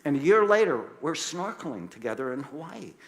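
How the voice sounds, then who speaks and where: Animated male storyteller with soft grave drops. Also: a little fast. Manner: animated storyteller, acts out quoted voices, drops soft and low for grave moments; emphatic, passionate. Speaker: psychiatrist. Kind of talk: storytelling talk.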